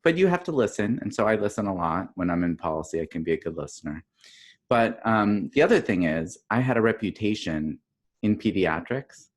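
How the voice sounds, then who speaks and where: A middle-aged man who works as a pediatrician and public health dean. He gives a chatty conference talk over a video call, telling stories with plenty of fillers and restarts. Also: deep voice. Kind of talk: casual virtual conference talk. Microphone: video call microphone.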